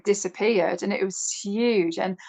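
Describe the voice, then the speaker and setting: A middle-aged woman, chatty and animated, telling a personal story as a podcast guest. Her pitch sits in the middle of the female range, and she rushes and slows as the story builds. She is heard over a video call. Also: gravelly. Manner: chatty, animated when quoting others. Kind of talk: casual storytelling interview.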